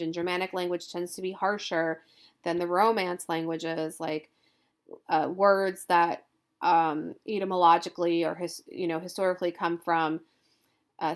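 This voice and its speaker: A woman's voice: fairly low pitch, fairly bright tone, clear, resonant tone. A woman college instructor giving a recorded lecture, informal and thinking aloud as she goes.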